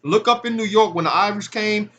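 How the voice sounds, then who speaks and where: A man's voice: high-pitched, fairly quick, a bit bright, dull audio. A man giving impassioned, casual commentary on scripture, talking in loose street speech that rises into emphatic preaching. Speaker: religious commentator.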